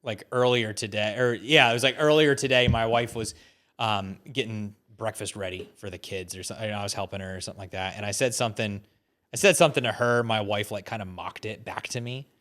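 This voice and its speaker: A man's voice: on the low side, brisk, a bit bright. A man in his thirties, a podcast guest talking in a rambling, filler-heavy way with casual swearing.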